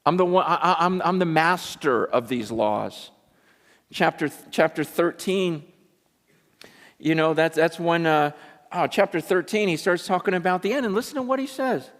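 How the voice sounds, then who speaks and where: Male pastor, sermon, conversational and emphatic, slightly high voice, long hall reverb. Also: moderate pace, fairly bright tone. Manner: conversational, emphatic, paraphrasing scripture in casual speech. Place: large meeting room with an audience.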